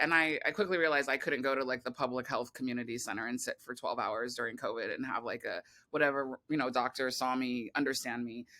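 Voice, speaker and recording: A woman guest on a podcast, telling a long personal story in a rambling, animated way, full of restarts and quoted voices. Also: sits low. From California. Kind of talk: casual interview conversation.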